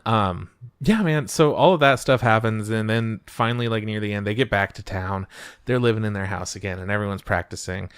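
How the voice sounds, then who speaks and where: A man co-hosting a podcast, chatting casually and profanely as he recaps anime plots and jumps into high voices for quotes. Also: fairly quick, clean tone, no room sound, clean studio sound. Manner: profane, animated retelling with falsetto quotes. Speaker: podcast co-host.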